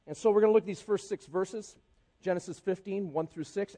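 Animated, high-voiced male preacher. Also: fairly quick. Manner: conversational, animated, acts out scripture characters. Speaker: pastor. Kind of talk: sermon. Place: church.

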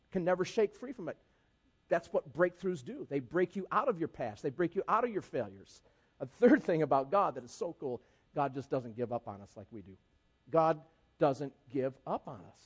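A male pastor preaching a sermon with humor and repetition for emphasis. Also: a little high. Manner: animated, humorous, repeats for emphasis.

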